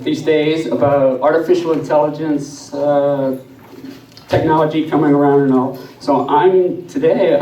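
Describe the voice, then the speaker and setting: Slow, halting man telling jokes on stage. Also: fairly high pitch, warm tone. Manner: halting, many fillers. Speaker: costumed comedy performer. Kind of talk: stand-up jokes at a carnival show. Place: large hall at a live event. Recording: echoey hall, far mic.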